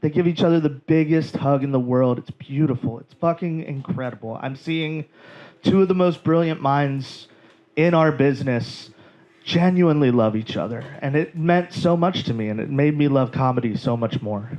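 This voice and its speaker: Brief: male comic, club set, animated rambling storyteller, muffled low-fi audio. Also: normal speed. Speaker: stand-up comedian. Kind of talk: stand-up storytelling. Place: comedy club stage.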